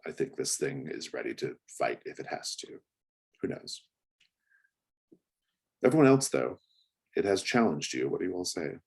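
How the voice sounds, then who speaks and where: Very deep-voiced husky game master. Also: male voice, big pitch swings, normal speed, long pauses. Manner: hesitant, descriptive, full of fillers. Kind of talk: narrating a tabletop game.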